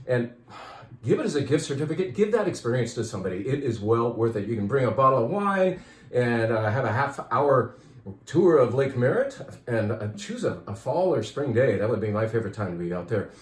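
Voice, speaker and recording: Casting: male wine shop owner, chatty and rambling, slightly winded, mid-pitched, roomy echo. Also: sing-song, fairly quick. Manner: chatty, enthusiastic, rambling with restarts. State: out of breath, dry throat. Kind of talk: casual promotional talk.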